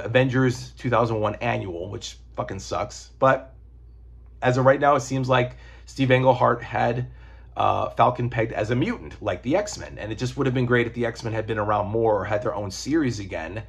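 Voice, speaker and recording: A man talks through a comic collection in a loose, rambling way, with the odd swear word. His voice has a husky grain and sits at an ordinary middle pitch. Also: moderate pace. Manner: rambling, profane, digressive. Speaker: comic book reviewer. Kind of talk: casual chat.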